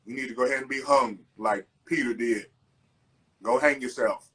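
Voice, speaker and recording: A man's voice: medium pitch, normal speed, bright, forceful tone, husky. A man co-hosting a casual podcast, ranting with lots of swearing and mocking impressions of other people's speech. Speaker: podcast co-host. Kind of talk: casual chat.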